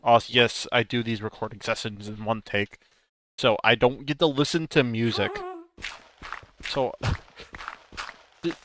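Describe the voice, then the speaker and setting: Man, casual game commentary, unhurried, mid-pitched, rambling and self-mocking, faint background hiss. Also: a bit bright. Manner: rambling and self-mocking, breaks into silly song. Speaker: gaming channel host.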